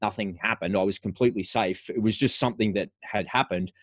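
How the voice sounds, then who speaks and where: A middle-aged man, once a paratrooper, tells a personal story frankly as a guest on a podcast. His voice sits on the low side and moves briskly, often restarting phrases, and the recording is dry.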